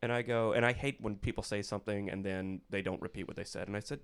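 A man's voice: lowish voice, quick pace, vocal fry, hardly any pauses. A man on a casual podcast, telling a long anecdote and acting out the quoted lines in changed voices. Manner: animated storyteller acting out quotes.

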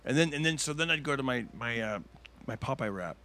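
A male stand-up comedian telling a story in casual chat, rambling with lots of fillers and slipping into quick impressions. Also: medium pitch, lively intonation, pushed and bright. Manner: rambling, full of fillers, bursts into cartoon impressions. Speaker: stand-up comedian, podcast guest.

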